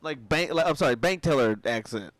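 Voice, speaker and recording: Man, co-host, lively up-and-down voice, dry close sound, teasing. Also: a little high, dry recording. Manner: teasing, quick interjections. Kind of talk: casual banter.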